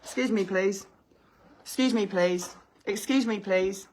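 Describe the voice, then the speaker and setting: Inside her own house, moving between the hallway and the kitchen, a woman argues with police and bailiffs, indignant and sarcastic. Her voice is medium-pitched, slightly slow and a touch mellow. She is the homeowner, and the heated exchange is being filmed.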